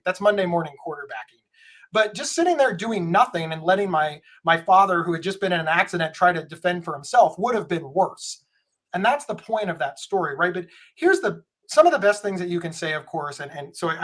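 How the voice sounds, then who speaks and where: A man, a podcast guest, telling a story in an animated way with many stammered restarts. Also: high-pitched. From United States. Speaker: podcast guest, mental health speaker. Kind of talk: conversational storytelling.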